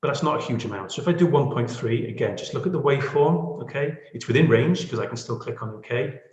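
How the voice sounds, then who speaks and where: A man's voice: medium pitch, lively intonation, fast talker, dull audio. A man, teaching audio editing in a chatty, self-deprecating way and often checking in with the listener. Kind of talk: screen-share editing tutorial. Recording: echoey room.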